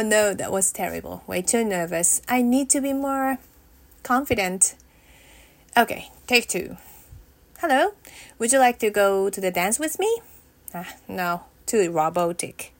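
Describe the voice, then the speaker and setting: A woman playing a nervous teenage schoolgirl in a scripted monologue, hesitant and talking to herself as she rehearses. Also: on the high side. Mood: anxious. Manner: hesitant and self-talking, stopping to rehearse lines.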